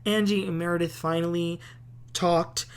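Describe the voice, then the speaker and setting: A woman's voice: lowish voice, fairly even intonation, normal speed, smooth. A woman hosting a casual TV recap, chatty and opinionated, with plenty of filler words. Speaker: host.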